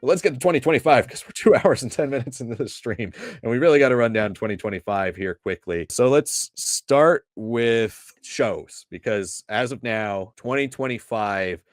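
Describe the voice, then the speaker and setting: A man co-hosting a casual livestream chat, giving a brisk, organized rundown. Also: mid-range voice, no echo, clean studio sound, soft background music. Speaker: co-host.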